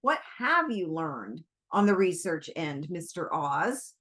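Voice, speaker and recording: A woman's voice: lowish voice, very animated, takes it slowly, fairly bright tone, pitched below the performer's own voice, full character voice. A woman reading as a pointed CIA officer woman. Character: sharp female CIA officer.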